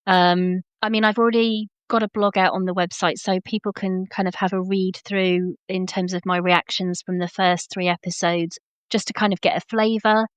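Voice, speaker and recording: Low-voiced woman podcast host. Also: level tone, moderate pace, clear, resonant tone, no echo. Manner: conversational, with kind ofs and ums. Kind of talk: interview hosting.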